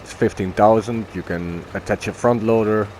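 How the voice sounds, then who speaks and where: A man's voice: on the low side, moderate pace, darkish tone, a little hiss or hum. A man casually commenting on his own gameplay, thinking aloud as he goes and correcting himself along the way. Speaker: gaming video host.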